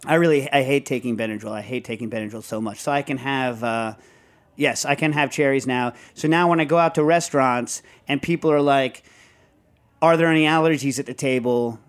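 A man hosting a casual talk show, rambling and animated, often breaking into show tunes. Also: mid-range voice, fairly quick. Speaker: host. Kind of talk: casual chat.

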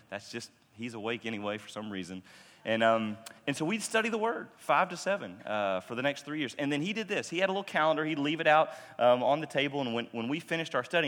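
A man's voice: a little high, fairly bright tone. A man telling a personal story in a sermon, conversational and self-deprecating, acting out the dialogue. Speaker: pastor. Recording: long reverb of a large hall.

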